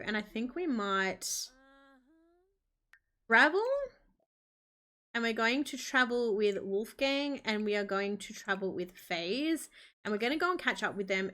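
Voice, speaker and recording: Bright-voiced woman narrating gameplay. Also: mid-range voice. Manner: chatty, storytelling. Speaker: gaming video host. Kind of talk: narrating a life-sim game.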